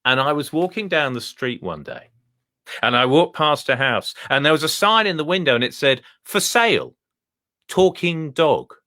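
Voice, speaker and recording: A man telling a comic story to an online group in a theatrical, animated way over a video call. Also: medium pitch, normal speed.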